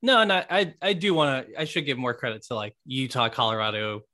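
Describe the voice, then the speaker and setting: In a mid-range voice, a little fast, a man co-hosts a sports podcast in a casual conversation, animated and emphatic as he repeats his points.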